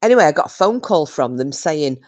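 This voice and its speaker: With a deep, darkish voice, big pitch swings, and a brisk pace, a British woman hosts a casual livestream. She reads comments aloud and tells a story that rambles and restarts again and again.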